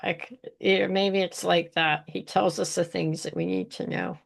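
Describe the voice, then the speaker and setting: A woman hosts a faith podcast, speaking low with a gravelly fry in her voice. She tells stories with animation, often laughing and putting on voices. The talk is relaxed and conversational. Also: normal speed. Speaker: podcast host.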